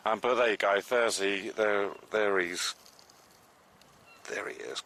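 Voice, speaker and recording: A man chatting casually on a live stream from a beach, excitable and sometimes dropping to a hushed voice. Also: fairly low pitch, takes it slowly. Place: outdoors on a beach at low tide.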